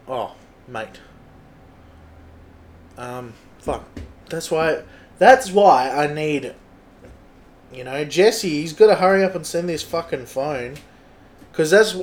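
A young adult Australian man hosting a solo podcast, thinking aloud in a halting, muttering way with a lot of swearing. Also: a little high, slight background noise. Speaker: podcast host. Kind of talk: casual solo podcast chat.

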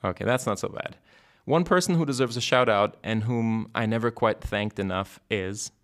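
Male podcast host, low voice, brisk questioning, polished outro read. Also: a bit bright.

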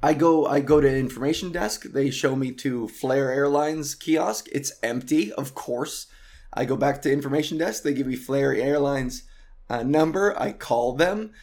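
A man's voice: mid-range voice, unhurried, a little mellow. A man hosting a podcast, ranting casually and profanely about an exasperating travel story, heavy with swearing. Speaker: podcast host.

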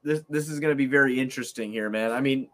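A man's voice: medium pitch, fast talker, fairly bright tone. A man hosting a casual sports podcast, frustrated, swearing freely and repeating himself as he talks the game over. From Italian heritage.

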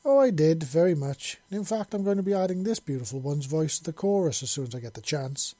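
A man's voice: on the high side, expressive, quick pace, warm tone, no room sound, pitched above the performer's own voice. Man doing a cocky teasing clawed male. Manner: crude, teasing, swearing.

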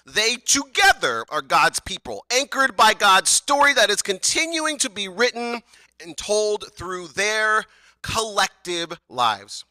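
A woman delivers a sermon in an easygoing, conversational manner and breaks into playful asides. Her voice is piercingly bright and swings widely in pitch. The sound is dry and close. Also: no room sound. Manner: casual, conversational, joking asides. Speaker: preacher.

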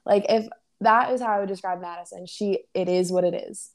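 A woman's voice: medium pitch, fairly even intonation, a little fast. A young woman co-hosting a podcast in casual chat, talking with lots of fillers and acting out the voices of people she quotes. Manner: chatty, many fillers, acts out quoted voices. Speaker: podcast co-host.

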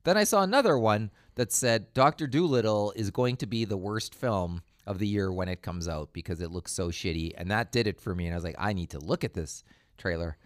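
A man's voice: on the low side, brisk, few pauses, no echo. A man co-hosting a casual podcast chat, telling stories with a wry, dry humor and laughing often. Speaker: podcast co-host.

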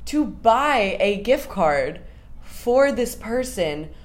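A young woman co-hosting a podcast, telling a story in a casual, animated way. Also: drawn-out words. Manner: animated storyteller, slips into high put-on voices for quotes. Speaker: podcast co-host.

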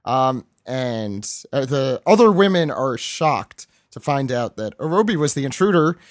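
A man's voice: mid-range voice, sing-song, a little slow, dry recording, studio quality. A man hosting a podcast, casually recapping a comic chapter and putting on voices for the characters' lines. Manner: rambling, acts out quoted lines with voices. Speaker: podcast host.

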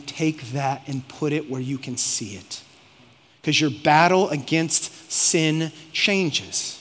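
A male pastor preaching a sermon, moving from calm teaching to fervent exhortation and voicing imagined conversations. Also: on the high side, slow pace, pauses often, breathy edge. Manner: preaching with rising intensity, acts out quoted speech. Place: church auditorium. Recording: long reverb of a large hall.

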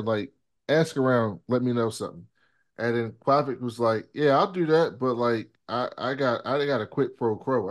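A man co-hosting a casual podcast recap of a TV episode, laid-back and profane, retelling scenes with quoted dialogue. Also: mid-range voice. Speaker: podcast co-host.

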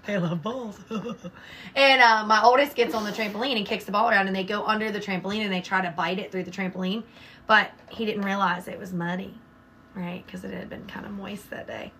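A woman's voice: medium pitch, steady tone, moderate pace, sharp tone, a little hiss or hum. A woman, co-hosting a podcast, telling stories bluntly and swearing freely. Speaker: podcast co-host. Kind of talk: casual chat.

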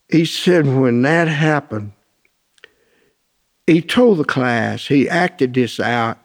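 A man's voice: medium pitch, lively intonation, takes it slowly, long pauses. A man teaching a Christian class, preaching through a personal story in a folksy, storytelling way. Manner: folksy storytelling, acts out phone calls in raised voices.

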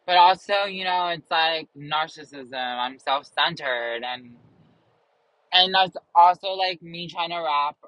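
A man's voice: a little high, takes it slowly, pushed and bright, no echo, low-quality recording. A man chatting casually and rambling about a show he recommends. He leans heavily on fillers, trails off and pokes fun at himself. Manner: filler-heavy, trails off, self-mocking. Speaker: show reviewer.

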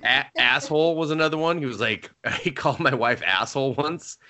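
A man's voice: mid-range voice, a little fast, bright, forceful tone. A man in his thirties co-hosting a podcast, telling family stories in casual chat, laughing often and swearing freely. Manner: laughing storyteller, swears freely, quotes people. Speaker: podcast co-host.

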